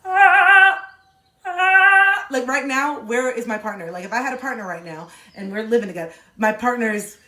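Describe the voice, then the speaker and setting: A woman hosting a casual livestream chat, playful and animated, now and then breaking into silly sound bits. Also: medium pitch, fast talker, few pauses. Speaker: livestream host talking to chat. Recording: echoey room.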